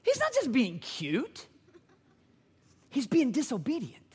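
A man, preaching a sermon with emphatic, animated delivery and acted-out quotes. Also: extremely high pitch, slow, breathy edge. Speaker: pastor.

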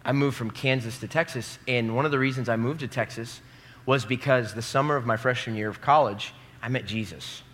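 Young male preacher, bright and forceful, emphatic sermon delivery with crowd call-and-response, long hall reverb. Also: mid-range voice, brisk. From American Midwest. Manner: emphatic, rising to loud peaks, calls the audience to repeat lines. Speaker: pastor. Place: large hall before a live congregation.

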